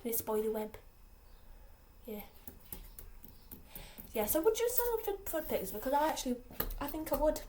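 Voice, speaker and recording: Teen girl vlogger from England, highish voice, scattered casual rambling. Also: very animated, moderate pace, long pauses, warm tone, slight background noise. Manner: chatty, scattered, lots of fillers and restarts. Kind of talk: rambling casual vlog chat.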